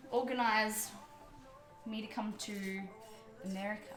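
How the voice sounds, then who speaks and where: A woman's voice: mid-range voice, steady tone, slow pace, pauses often. An Australian woman from Melbourne hosting a live cooking stream, chatting casually with viewers as she cooks. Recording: roomy echo with music behind.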